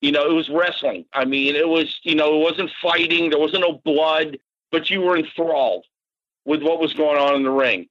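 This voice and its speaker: Lively older man telling stories. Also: a little high, moderate pace, highs cut off. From Massachusetts, grew up in Florida. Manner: animated, mild swearing, frequent fillers. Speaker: podcast guest. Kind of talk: casual storytelling.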